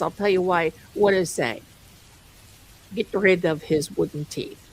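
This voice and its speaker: A woman's voice: medium pitch, expressive, measured pace, husky, low-quality recording. A woman hosting a live stream, chatting casually and rambling, amused by her own jokes and calling viewers her darlings. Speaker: livestream host.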